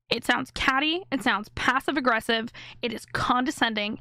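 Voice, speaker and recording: A woman's voice: on the high side, normal speed, hardly any pauses, pushed and bright, dry recording, studio quality. A woman streamer giving live reaction commentary on a video, blunt and indignant, swearing freely.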